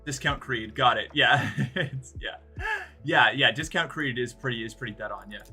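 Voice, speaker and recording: Sarcastic, bright-voiced male streamer. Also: medium pitch, normal speed, faint music behind. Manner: rambling, sarcastic, swears freely. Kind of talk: casual livestream chat.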